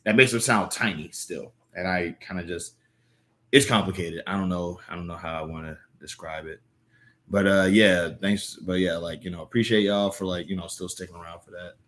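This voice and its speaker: A man's voice: deep voice, fairly even intonation, moderate pace, a bit bright. A young man chatting casually on a live stream, rambling with lots of fillers and restarts. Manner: rambling, filler-heavy, self-correcting. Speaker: livestreamer reading comics aloud. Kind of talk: casual live-stream chat and comic read-aloud.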